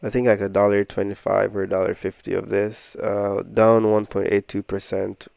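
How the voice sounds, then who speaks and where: A man's voice: on the low side, little pitch movement, normal speed, creaky, a little mellow, clear, resonant tone, dry recording. A man casually walking through his stock portfolio, rambling and self-deprecating as he thinks aloud. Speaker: investing vlogger.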